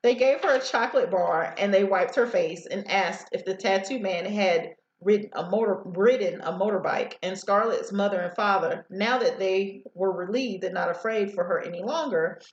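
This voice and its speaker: A woman's voice: medium pitch, moderate pace, few pauses, reverberant, highs cut off. A woman teacher reading a novel aloud to students over a headset, sometimes stumbling over words.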